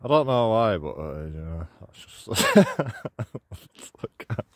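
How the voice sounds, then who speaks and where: A man's voice: on the low side, wildly swooping pitch, slow, background noise. A man, walking outdoors and giving mocking commentary to his phone camera while laughing at his own jokes. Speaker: vlogger. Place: outdoors on city streets.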